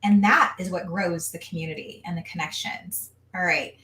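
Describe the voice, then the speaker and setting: A woman hosting a casual live stream, lively, reading viewer comments aloud. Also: lowish voice, moderate pace, slight background noise. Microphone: video call. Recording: echoey room, distant from mic.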